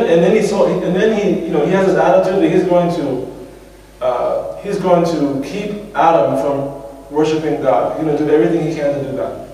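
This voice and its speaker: A man's voice: on the high side, a little mellow. An American man preaching as imam in a reflective, conversational way, often restarting his phrases. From USA. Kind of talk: sermon. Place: large mosque prayer hall. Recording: echoey hall from far off.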